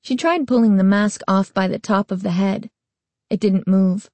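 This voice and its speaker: A woman narrating a storybook aloud with a slow, even reading. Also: medium pitch, no room sound.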